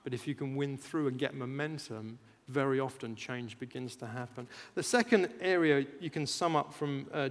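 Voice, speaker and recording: A man preaching a sermon, animated, jumping loud for emphasis and acting out chants. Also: fairly high pitch. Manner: animated, rises loud for emphasis, acts out chants, laughs at himself. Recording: long hall reverb.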